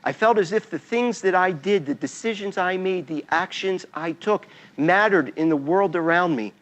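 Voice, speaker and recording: Man telling a lively story. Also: sits high, moderate pace, muffled recording. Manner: animated storyteller, acts out scenes and sounds. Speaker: invited speaker. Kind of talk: personal storytelling talk.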